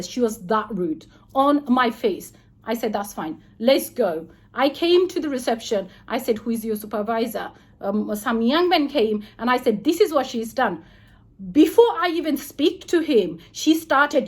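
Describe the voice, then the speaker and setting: A woman in a hotel room recounting a complaint to her camera, indignant and fast, replaying the back-and-forth as she tells it. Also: a little high, lively intonation. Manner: indignant, rapid retelling with quoted back-and-forth. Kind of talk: heated personal account to camera.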